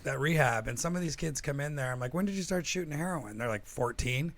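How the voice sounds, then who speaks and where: A man's voice: a little high, fast. A man co-hosting a casual podcast, venting in a frank way and swearing freely. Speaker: podcast co-host.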